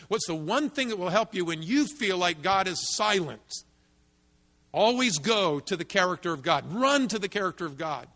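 A man's voice: sits high, fairly bright tone. Emphatic male preacher in a reverberant hall. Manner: emphatic, rising to fervent peaks when quoting scripture. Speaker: pastor. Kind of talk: sermon. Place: church sanctuary. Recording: long reverb of a large hall.

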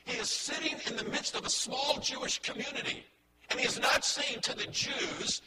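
Emphatic preacher, high voice, distant and noisy. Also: male voice, very animated, normal speed. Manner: emphatic, repetitive cadence. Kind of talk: sermon. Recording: distant mic with loud background noise.

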